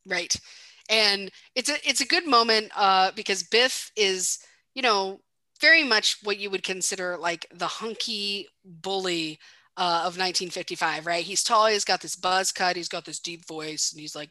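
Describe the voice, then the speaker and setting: Bright-voiced woman chatting through a film recap. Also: medium pitch, measured pace, no echo. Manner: chatty, many fillers. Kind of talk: casual film recap chat.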